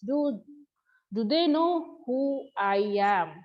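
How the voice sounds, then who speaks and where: An outraged old ghost rattling his chains, read out by a woman in a fairly high voice. The lines are read from the text with indignation. The recording sounds slightly dull and lo-fi. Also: expressive, takes it slowly. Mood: indignant.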